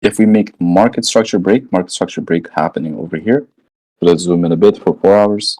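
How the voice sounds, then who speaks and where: A trading educator talks through charts live, casual and slangy, thinking out loud and often tossing in "right?" to check in. His voice sits low with a warm tone, and he moves fairly quickly. The audio quality is poor.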